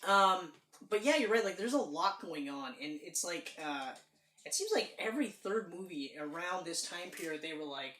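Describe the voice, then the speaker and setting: Animated woman in an echoey room. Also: fairly low pitch, normal speed, a little hiss or hum. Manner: animated and emphatic, acts out quotes, swears casually. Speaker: podcast co-host. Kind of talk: casual film review chat. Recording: roomy echo.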